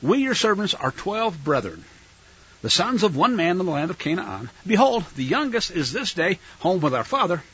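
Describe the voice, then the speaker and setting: Man doing frightened pleading brothers, high anxious protests, husky voice, dull lo-fi recording. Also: big pitch swings, normal speed, fairly bright tone, full character voice.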